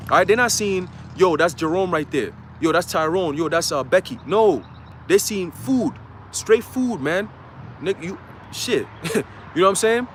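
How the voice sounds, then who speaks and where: A man's voice: a little high, fairly bright tone, slight background noise. A man preaching an informal livestream sermon in slangy, profane street talk, often checking in with "okay?" and "you know?".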